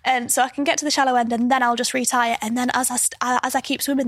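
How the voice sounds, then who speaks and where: A woman's voice: fairly high pitch, little pitch movement, rapid-fire, hardly any pauses, fairly bright tone, dry recording. A woman in her early twenties, a podcast guest, telling stories in casual chat with frequent laughs and restarts. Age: early 20s. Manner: chatty storyteller, laughs often, restarts mid-sentence.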